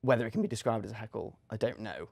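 A man's voice: fairly low pitch, rapid-fire, gravelly, a little mellow. Man, talk show host, jokey, encouraging, casual interview. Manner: jokey, encouraging, short reactions.

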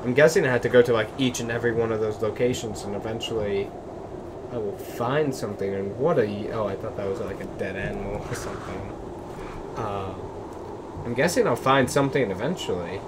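A man's voice: on the low side, a little fast, background noise. A man giving nervous, jittery commentary as he plays a game, muttering and then exclaiming. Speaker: let's play gamer. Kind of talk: gaming commentary.

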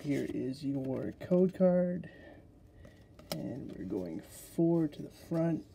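A man hosting a casual card-opening video, chatty and excitable as he talks straight to his viewers. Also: a little high, takes it slowly, vocal fry, a little hiss or hum. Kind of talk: casual unboxing commentary.

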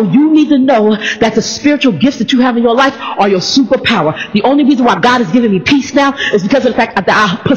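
A woman pastor preaching a playful sermon, stalling on p-sounds and calling out to the congregation. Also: on the high side. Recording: reverberant hall, dull sound.

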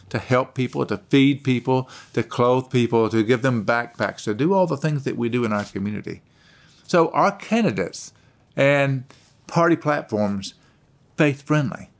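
A man pastor delivering a measured, emphatic sermon with scripture readings. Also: lowish voice. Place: church.

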